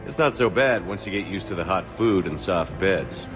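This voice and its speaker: A man's voice: low-pitched, expressive, normal speed, long reverb tail, music in the background. An actor playing a blunt, dry-witted male soldier who has been relieved of duty, in a game cutscene.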